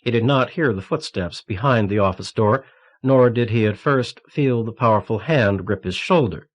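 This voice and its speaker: A man reading a thriller novel aloud in a steady, measured narration. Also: fairly low pitch. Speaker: audiobook narrator. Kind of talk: scripted narration. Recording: cassette audiobook transfer.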